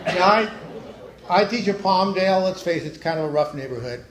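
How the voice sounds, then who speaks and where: A man's voice: fairly quick, crowd noise. Man telling jokes in an echoey hall. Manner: deadpan storytelling, drops low and quiet for punchlines. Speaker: stand-up comedian. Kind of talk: stand-up joke telling. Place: church hall. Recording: echoey hall, faint noise.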